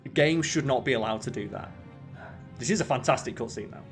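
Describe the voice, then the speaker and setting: A man's voice: medium pitch, brisk, soft background music. A man hosting a let's play, chatting casually and rambling as he swears freely over the game. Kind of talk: casual gaming chat.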